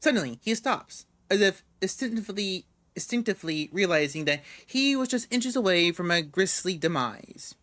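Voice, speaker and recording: A man reads game narration aloud in a casual, relaxed way, often tripping over words and starting them again. His voice is bright and sharp, and it sits a little high for a man. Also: moderate pace, hardly any pauses, dry recording. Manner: stumbles and restarts words while reading. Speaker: gamer reading a visual novel aloud.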